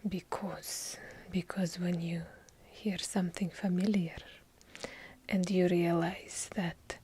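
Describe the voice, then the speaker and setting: A woman's voice: lowish voice, little pitch movement, slow, mellow, husky. Whispering woman with heavy Russian accent. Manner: rambling, easily sidetracked, playful mock-serious. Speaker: ASMR channel host. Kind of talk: whispered ASMR. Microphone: handheld field recorder, close.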